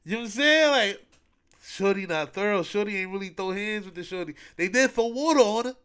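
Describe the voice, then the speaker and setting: A man's voice: high voice, fast talker, clean tone. A man hosting a podcast, retelling events in casual chat, full of slang and acting out what people said. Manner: animated storytelling, acting out quotes, heavy slang. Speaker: podcast host.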